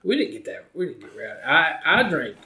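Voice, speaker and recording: A man's voice: fairly high pitch, sing-song, brisk, bright, forceful tone, slight background noise. A young man chatting casually, telling stories in a loose, rambling way and laughing often. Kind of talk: casual chat.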